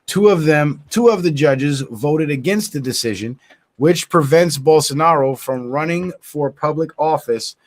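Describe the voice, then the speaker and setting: A man's voice: on the high side, unhurried. A man hosting his own channel, reading news reports aloud, stumbling over words and breaking off with indignant comments of his own. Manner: stumbles and restarts words while reading, adds indignant asides. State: yawning, tired. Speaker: channel host.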